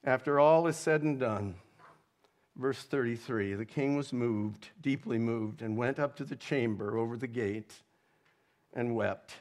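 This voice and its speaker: A male pastor delivers a sermon at an unhurried, deliberate pace. His voice sits in an ordinary middle pitch, and he lingers over words and reads quotations with feeling. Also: darkish tone. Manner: slow, measured preaching with dramatic readings of quotes.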